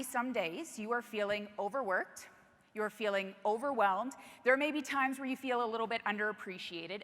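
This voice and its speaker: Woman doing a keynote talk, highish voice, bright and forceful, animated, keeps asking the crowd stuff. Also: big-room sound. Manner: animated, asks the audience rhetorical questions. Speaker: keynote speaker. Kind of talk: motivational talk to a live audience.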